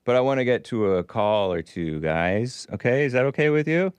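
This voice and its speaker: A man's voice: medium pitch, lively intonation, moderate pace, smooth, no room sound. A man hosting a casual live show, reading chat messages aloud with a wry, laughing manner. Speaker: show host.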